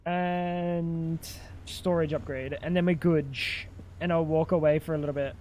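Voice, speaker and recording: A man's voice: a little high, steady tone, measured pace, mellow, slight background noise. A British man chatting casually with his live-stream audience while playing a game, swearing freely.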